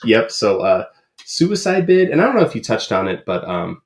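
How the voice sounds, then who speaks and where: A man's voice: fairly low pitch, very animated, normal speed. A man co-hosting a podcast in casual chat, rambling with many ums and uhs. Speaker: podcast co-host.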